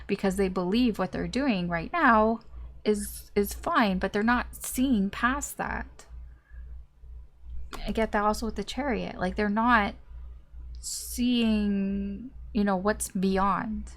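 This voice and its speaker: A woman's voice: mid-range voice, takes it slowly. Chatty woman giving a tarot reading. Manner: chatty, rambling, full of fillers, acts out quoted feelings. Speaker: tarot reader. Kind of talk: casual tarot reading monologue.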